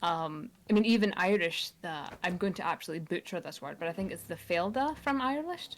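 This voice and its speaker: A woman from Scotland with a Scottish accent softened by American, chatting enthusiastically as a guest author. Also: fairly low pitch, animated, brisk, slight background noise. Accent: Scottish, with American mix. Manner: enthusiastic, rambling. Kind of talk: casual chat.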